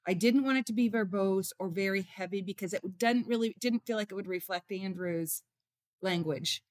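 A woman in an interview, talking at a middle pitch in an earnest, heartfelt way. She tells her stories by bringing in what others said, and her voice sounds close and dry with no room around it. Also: normal speed, a little mellow, no echo. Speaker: author and mother, interview guest.

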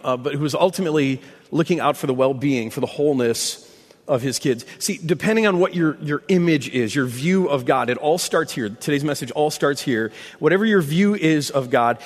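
Pastor preaching in an echoing hall. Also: male voice, a little high. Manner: conversational and self-deprecating storyteller. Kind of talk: sermon. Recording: long echo of a large hall.

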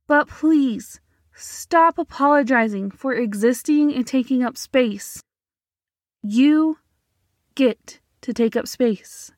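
A woman hosting her own podcast, talking alone to her listeners in a sassy, emphatic and animated way. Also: high-pitched, slow, no echo, clean studio sound. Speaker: podcast host. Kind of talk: solo motivational podcast talk.

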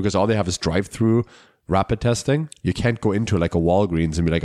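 A man's voice: low-pitched, fast talker, a little mellow, no room sound, studio quality. A Canadian man co-hosting a podcast, chatting casually and telling travel stories with a laugh. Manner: chatty, storytelling, laughs often. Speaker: podcast co-host. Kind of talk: casual chat.

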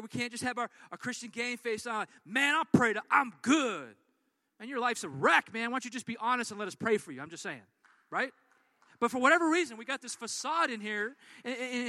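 A man delivers a sermon from the pulpit with a high, bright voice. He preaches in an animated way, acting out the people in his stories. The sound is dry and close. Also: dry recording. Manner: animated storytelling with acted-out quotes. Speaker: pastor.

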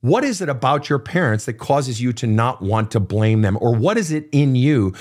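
A man's voice: mid-range voice, expressive, normal speed. A man working as a counselor, blunt and probing, swearing freely and pressing the same questions again and again. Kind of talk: counseling session.

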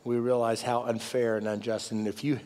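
A man preaching a sermon as a pastor, emphatic, swinging from loud peaks down to low, soft passages. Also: level tone, brisk, in a large hall.

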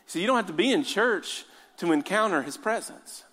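Man, preacher, high voice, joking asides, fervent exhortation, long church-hall reverb. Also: animated, moderate pace, fairly bright tone. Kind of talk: sermon.

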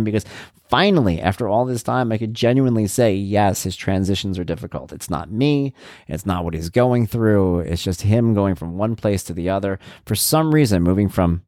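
A man's voice: low-pitched, darkish tone, no echo, clean studio sound. A middle-aged man hosting a podcast, talking candidly and reflectively in a casual monologue. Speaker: podcast host.

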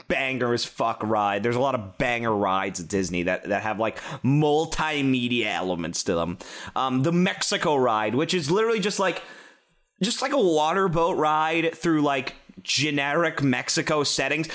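A man rambling excitedly in casual chat, telling stories with swearing and laughter. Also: fairly high pitch.

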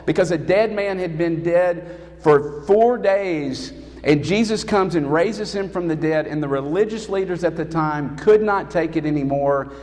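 A man's voice: medium pitch, a little mellow. Man preaching in an echoing hall. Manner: emphatic preaching, raising his voice on calls. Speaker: pastor. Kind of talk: sermon. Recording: long hall reverb.

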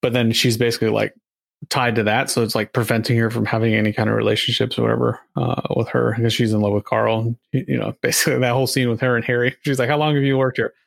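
Man, fast rambling recap of scenes, dry close sound. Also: medium pitch, flat delivery, creaky, no room sound. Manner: rambling, acts out lines from scenes. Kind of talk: casual chat recapping a movie.

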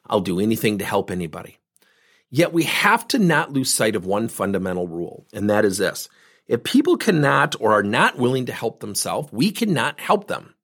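Husky, animated middle-aged man. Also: fairly low pitch. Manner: emphatic, direct, repeats points for stress. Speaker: business speaker. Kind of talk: motivational talk to camera.

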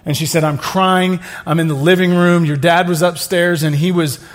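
A middle-aged male pastor preaching a sermon, telling stories with joking asides and building to loud exclamations. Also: a little high, fairly even intonation, normal speed.

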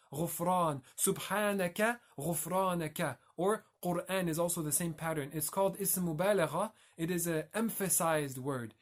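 Man, fairly high voice, reflective religious talk, explains scripture step by step, careful Arabic terms. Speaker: religious teacher.

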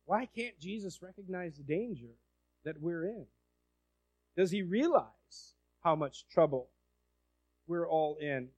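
High-voiced man preaching with dramatic swings. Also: lively intonation, slow, long pauses, no room sound. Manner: dramatic, acts out the disciples' panic, swings from loud to hushed. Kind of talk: sermon.

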